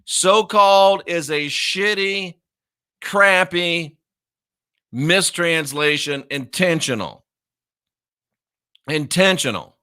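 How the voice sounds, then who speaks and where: A man delivers a confrontational Bible lesson, mocking doubters and hammering each point through repetition. His voice sits a little high and comes across bright and forceful. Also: takes it slowly, long pauses, clean tone. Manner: combative, mocking, emphatic repetition. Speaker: minister.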